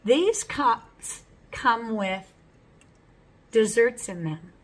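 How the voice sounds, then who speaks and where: A woman's voice: on the high side, expressive, drawn-out words, slight background noise, rough recording. A woman hosting her own art channel, talking through an unboxing in a chatty, rambling, frank way at home. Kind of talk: casual unboxing vlog.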